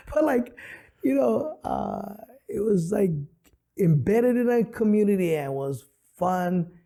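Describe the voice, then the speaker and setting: A middle-aged man from Hawaii, a comedian telling stories in an animated way with many fillers, on a studio podcast mic. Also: high-pitched, takes it slowly, vocal fry. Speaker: comedian and guest. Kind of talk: casual interview storytelling.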